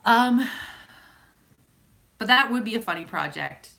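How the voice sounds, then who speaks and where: Rambling Canadian woman with a bright voice. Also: a little high, animated, a little slow, creaky. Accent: Canadian, Calgary Alberta. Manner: rambling, self-interrupting, chatty. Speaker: YouTuber answering viewer comments. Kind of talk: casual live chat.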